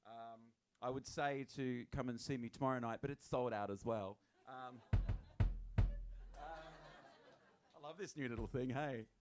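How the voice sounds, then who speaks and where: A man hosting a live show, chatty and halting, with lots of fillers and restarts. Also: medium pitch, over music. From Australia. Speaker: host and musician.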